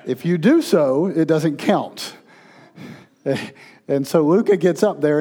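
A man, a pastor, telling stories in a sermon, turning from playful to hushed and tender. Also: a little high.

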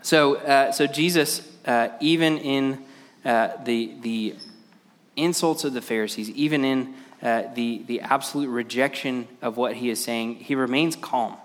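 A man's voice: medium pitch, a little slow. Man preaching in a reverberant hall. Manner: hesitant, many "uh" fillers and restarts. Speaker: pastor. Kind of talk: sermon. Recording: long reverb of a large hall.

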